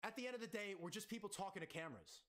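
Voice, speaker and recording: A man's voice: sits high, very fast, fairly bright tone. Rambling, emotional male streamer. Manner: emotional, rambling, filler-heavy. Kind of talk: casual stream talk.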